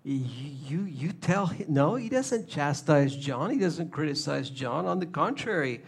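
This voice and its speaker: Gravelly-voiced preacher. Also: male voice, on the high side, measured pace. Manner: animated, acts out little scenes in shifting voices. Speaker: pastor. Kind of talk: sermon.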